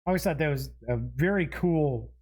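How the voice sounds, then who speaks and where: A man's voice: on the high side, moderate pace, a little mellow. A man hosting a show, giving casual unboxing commentary. He reads item names aloud one after another with short asides and chuckles at himself. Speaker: show host.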